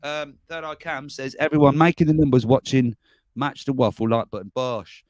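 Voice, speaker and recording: A man's voice: mid-range voice, fairly even intonation, normal speed, darkish tone, dry recording. A man hosting a casual livestream, rambling and chuckling as he reads out viewer comments. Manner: chuckling, rambling, self-mocking. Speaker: livestream host.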